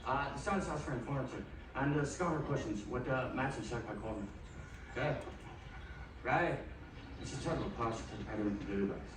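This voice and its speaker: An actor playing a fast-talking male traveller in a film, mumbling thick slang in a clipped way, heard from a film clip played in an echoey hall. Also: mid-range voice, recorded from a distance, background noise, lightly acted. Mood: evasive.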